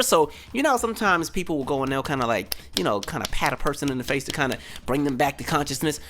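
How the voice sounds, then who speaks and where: A young man hosting a podcast, telling a comic story in an animated way and acting out other people's voices. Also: a little high, fast talker, few pauses. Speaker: podcast host. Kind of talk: comedic storytelling. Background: faint background music.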